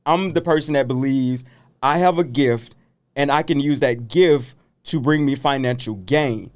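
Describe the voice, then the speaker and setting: A man's voice: medium pitch, unhurried. A man who is a business coach and pastor, talking in a casual interview in an earnest, reflective, motivational way.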